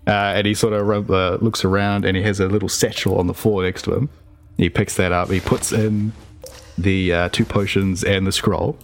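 A man's voice: low voice, level tone, moderate pace. A man narrating as game master in a casual way, with fillers and laughs.

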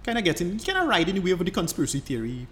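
A man's voice: high-pitched, big pitch swings, very fast, a bit bright, a little hiss or hum. A man co-hosting a podcast, explaining at length in casual chat, rambling and restarting his sentences. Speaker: podcast co-host.

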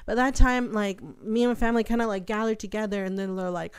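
A young woman chats casually on a podcast, telling a story with lots of energy. Her voice is smooth and clear at a middling pitch. She swears freely and keeps the story moving. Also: quick pace. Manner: animated storytelling, heavy swearing. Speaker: podcast co-host. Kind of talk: casual chat.

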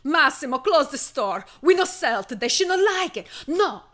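A woman's voice: high voice, big pitch swings, moderate pace, a bit bright, pitched above the performer's own voice. Woman doing melodramatic Italian shop clerk. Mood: dramatic panic. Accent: put-on Italian. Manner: melodramatic, broken English. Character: excitable Italian male luxury-store clerks.

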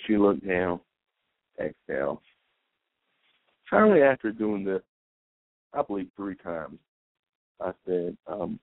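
A man's voice: deep voice, animated, measured pace, long pauses, no room sound. A man hosting a podcast, telling a long personal story in a rambling, anecdotal way and quoting both sides of the conversation. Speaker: podcast host. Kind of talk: storytelling monologue. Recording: tinny phone-like dry recording.

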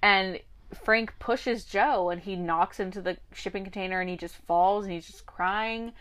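With a medium-pitched voice at ordinary speed, the young podcast co-host chats animatedly while summarizing a TV show. She performs the characters' lines as she goes.

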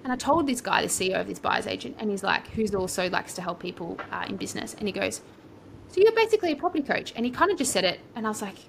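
A woman's voice: medium pitch, quick pace, gravelly, few pauses, fairly bright tone, a little hiss or hum. An Australian woman, a podcast guest, telling her story in a chatty, rambling way and acting out her own past thoughts. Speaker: podcast guest, property coach. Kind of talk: casual storytelling interview.

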